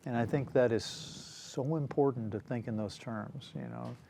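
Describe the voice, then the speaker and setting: A man hosting a casual book discussion, talking in a relaxed, rambling way with frequent fillers and some throat clearing. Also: mid-range voice, moderate pace, a little hiss or hum. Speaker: show host.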